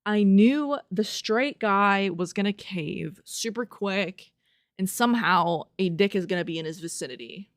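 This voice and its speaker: A young woman with a mid-range voice hosts a casual solo podcast at a measured pace, recorded in clean studio sound with no room echo. She reads review quotes aloud and riffs on them, laughing and swearing in disbelief.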